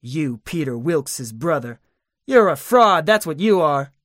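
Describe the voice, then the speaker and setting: A stern older doctor scolds and warns with forceful earnestness, as a male reader plays him. The voice sits a touch high. The recording is dry and close-miked. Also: expressive, normal speed, no echo, close to an everyday voice. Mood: indignant. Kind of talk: audiobook character voice.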